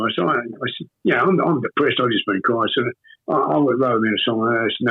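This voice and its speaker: Husky older Australian man, phone-thin sound. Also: mid-range voice. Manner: rambling, halting, with many fillers and restarts. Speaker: interview guest. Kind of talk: casual storytelling. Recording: tinny phone-like audio.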